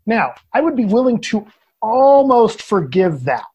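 A man on a podcast as a guest critic, talking casually and opinionated in animated rants. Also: high voice, unhurried, slightly rough.

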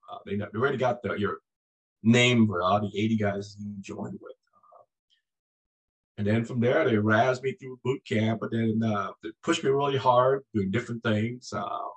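A man in his sixties, a former Marine guest, telling stories in a lively, conversational way and acting out the voices in his anecdotes. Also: medium pitch, low-quality recording. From United States. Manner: animated storyteller, acts out voices in anecdotes. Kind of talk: conversational storytelling.

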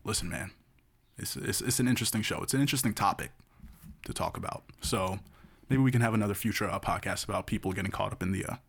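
Rambling, lower-voiced male podcast host. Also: fast talker, vocal fry, a bit bright, breathy edge. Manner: rambling storyteller, tags lines with "right?". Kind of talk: casual chat.

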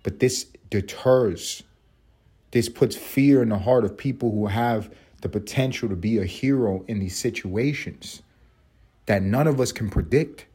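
A young man holds forth alone on his podcast, swearing freely and breaking into laughter as he mocks. His voice sits on the low side and has a husky grain. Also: measured pace, dark tone. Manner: profane, mocking, laughs often. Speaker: podcast host. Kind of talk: ranting commentary monologue.

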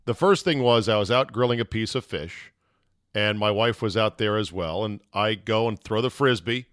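A man hosting a podcast, telling a story in a casual, animated way, swearing now and then and acting out shouts. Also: on the low side, moderate pace, dry recording, studio quality. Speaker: podcast host.

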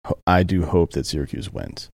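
A man's voice: low-pitched, lively intonation, normal speed, gravelly, darkish tone, slightly rough, no room sound. A young man co-hosting a casual sports betting podcast, speaking bluntly and wryly with frequent swearing. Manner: blunt, profane, wry. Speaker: podcast co-host.

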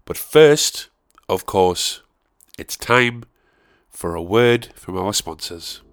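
A man's voice: lowish voice, animated, slow. A man hosting a podcast, rambling and swearing as he laughs through casual chat. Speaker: podcast host.

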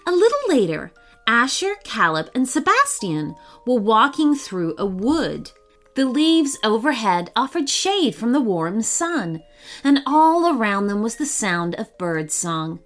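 A woman reads a children's story aloud in a slow, unhurried way. Her voice rises and falls with lots of expression, on the high side. Faint music plays softly underneath. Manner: warm, animated and expressive.

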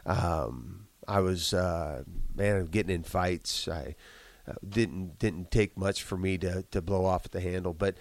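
A man's voice: low voice, a little slow, gravelly. A man with a congested voice and a slight cough, telling earnest motivational stories in a casual podcast chat with frequent restarts. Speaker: guest, business owner.

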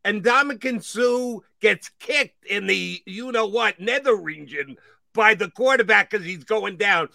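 Unhurried yet clearly worked up, a middle-aged man hosting a sports talk show launches into an animated rant about referee decisions. His high-pitched voice has a creaky quality, and the recording is dry.

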